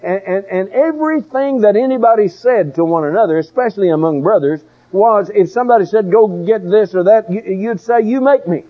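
A man's voice: high voice, fairly quick, few pauses, muffled recording. An older man preaching a sermon in a folksy, emphatic way, with storytelling asides.

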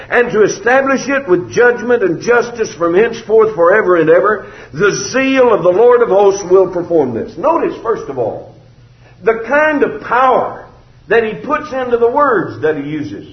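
High-voiced preacher in a roomy hall. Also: male voice. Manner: emphatic, formal preaching cadence with scripture quotes. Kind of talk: sermon. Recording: roomy, slightly dull recording.

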